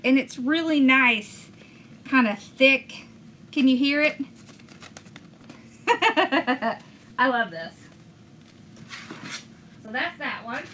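Bright, chatty woman crafting host. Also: high voice, animated, very slow, long pauses. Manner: chatty, enthusiastic, talks viewers through each step. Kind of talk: casual crafting demonstration.

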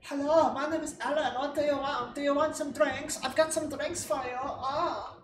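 A man putting on a high, eager castle maid. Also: fairly even intonation, moderate pace, a bit bright. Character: eager young female castle maid serving drinks. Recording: roomy, distant mic with background noise.

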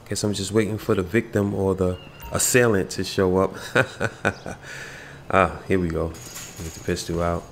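A man's voice: mid-range voice, creaky, echoey room, slight background noise. A man giving casual, slangy commentary while playing a video game, chatting to the characters on screen. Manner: laid-back, slangy, talks to game characters.

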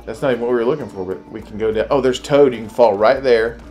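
A man playing a video game with his child, chatting casually and cheering excitedly, game music behind him. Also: medium pitch. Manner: excitable, cheers his kid on with rapid repeated urging. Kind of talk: casual gameplay chat.

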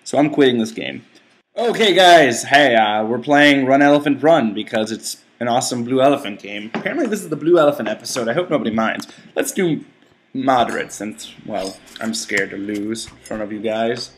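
A young man giving casual let's-play commentary, excitable and easily frustrated, talking back at the game and to his viewers. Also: medium pitch, normal speed, slight background noise. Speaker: gaming channel host.

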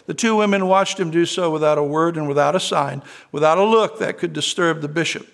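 A man's voice: fairly high pitch, a little fast, vocal fry, fairly bright tone. A man preaching a sermon as pastor, earnestly telling a story and quoting scripture. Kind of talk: sermon with read-aloud story.

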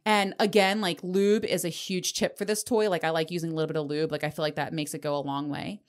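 A woman's voice: low voice, quick pace. Profane, laughing woman podcast host in her forties. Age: 40s. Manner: profane, laughing, animated storytelling. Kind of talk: candid solo podcast monologue.

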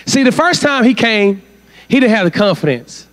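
Delivering a sermon as a guest at a church conference, a man keeps throwing rhetorical questions at the congregation. His voice sits high and a bit bright, swinging widely in pitch at a moderate pace.

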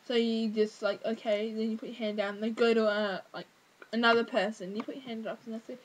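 Teen girl, exasperated, rambling fillers, casual vlog rant, fairly high pitch. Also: fairly even intonation, quick pace, a little hiss or hum, low-quality recording. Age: teens. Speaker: vlogger.

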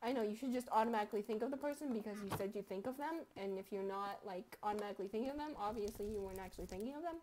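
A young woman giving casual gameplay commentary, crude and joking, with sudden loud outbursts. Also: medium pitch, racing, hardly any pauses, slight background noise. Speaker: gaming commentator.

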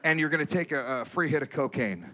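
Profane, animated male stand-up comic. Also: fairly high pitch, fast talker, slight background noise. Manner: loud, animated delivery with shouted character voices; profane, conversational banter with the crowd. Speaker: stand-up comedian. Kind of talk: stand-up comedy set. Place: comedy stage before a live audience.

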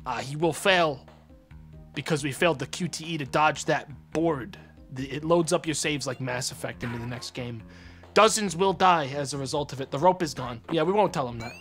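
Snarky young guy streaming a kids game, bright voice, game music behind. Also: a little high, normal speed. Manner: sarcastic, profane, mocks the characters. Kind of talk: casual let's-play commentary.

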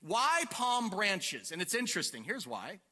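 A male pastor preaching an animated sermon to his congregation, asking them questions and acting out the scene. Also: high voice, a little slow, long reverb tail. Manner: animated, asks the congregation questions and acts out quotes. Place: church sanctuary.

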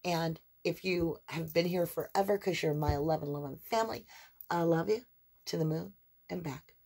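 A woman's voice: sits low, normal speed, vocal fry, breathy edge. Chatty woman giving a tarot reading. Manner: animated, chatty, affectionate, sing-song emphasis. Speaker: tarot reader. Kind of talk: spiritual tarot reading to camera.

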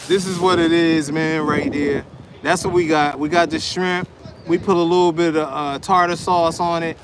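Guy vlogging food, keeps saying y'all, bit high voice, loud traffic noise behind. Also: steady tone, normal speed. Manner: chatty, keeps addressing viewers as y'all. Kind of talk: casual vlog talk to viewers. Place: fish market, then outdoors by his pickup truck. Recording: loud background street and vehicle noise.

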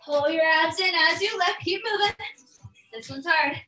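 High, bright-voiced fitness instructor, woman. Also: normal speed. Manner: energetic coaching with cheers and countdowns. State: out of breath. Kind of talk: live workout class instruction. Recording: echoey room from far off, music behind.

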